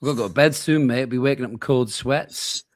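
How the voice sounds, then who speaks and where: A man's voice: medium pitch, quick pace, no echo. Tired man, late-night football chat, laid-back swearing banter, dry close mic. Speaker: co-host of a football watchalong stream. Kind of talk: casual live match chat.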